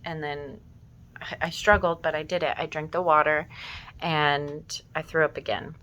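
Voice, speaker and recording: A woman in her thirties telling a personal story slowly and reflectively, with emotion and some casual swearing. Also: low voice, little pitch movement, a bit bright, muffled recording. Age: 30s. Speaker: vlogger.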